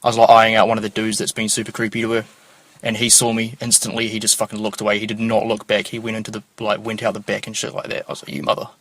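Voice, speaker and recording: A man's voice: lowish voice, completely flat delivery, fast talker, a bit bright, dry recording. A young man telling rambling, slangy stories as a podcast host, swearing often. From New Zealand. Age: young adult. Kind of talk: casual storytelling monologue.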